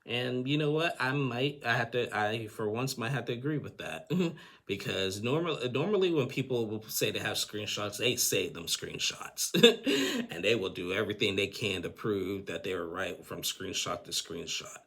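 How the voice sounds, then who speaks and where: A man's voice: on the low side, expressive, moderate pace, creaky, fairly bright tone. A man giving a casual, rambling recap of a TV episode, often restarting his sentences and chuckling. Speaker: TV recap host.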